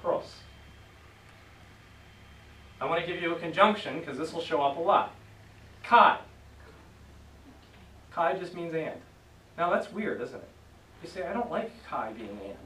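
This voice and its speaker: A man's voice: a little high, a little slow, long pauses, pushed and bright. A man teaching a Greek class, drilling students with call and response in an upbeat way. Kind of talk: classroom lesson. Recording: echoey room from far off, faint noise.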